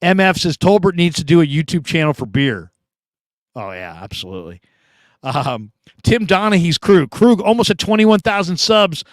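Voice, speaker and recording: A middle-aged man from California hosting a sports show, chatting casually through live comments and telling stories with animated quoted voices. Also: a little high, normal speed, no echo, clean studio sound. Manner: animated storytelling, laughs often, acts out quoted voices.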